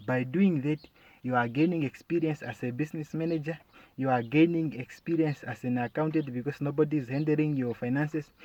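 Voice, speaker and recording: In a muffled recording with no echo, a comedian with a mid-range, darkish voice performs a sarcastic monologue aimed right at his listeners, who he calls "my friend" and checks with "yeah?" at the end of points.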